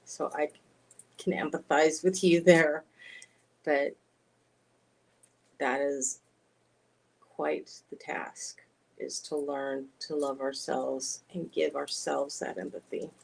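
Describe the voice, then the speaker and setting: Soft-spoken woman chatting on a live stream. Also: deep voice, steady tone, slow pace, gravelly, pauses often, low-quality recording. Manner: soft-spoken, gentle, laughs often. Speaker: oracle card reader and spiritual guide. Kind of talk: casual live-stream chat.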